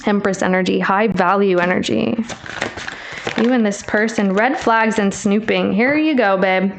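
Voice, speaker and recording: A woman's voice: medium pitch, moderate pace, creaky, noisy background. A woman giving a casual tarot reading, chatty and teasing, calling the listener babe. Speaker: tarot reader.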